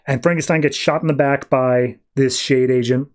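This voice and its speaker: A man's voice: medium pitch, fairly even intonation, normal speed, darkish tone. A man hosting a podcast, recapping a comic issue in a rambling, casual way. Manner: rambling, slips into quoted voices. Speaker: podcast host.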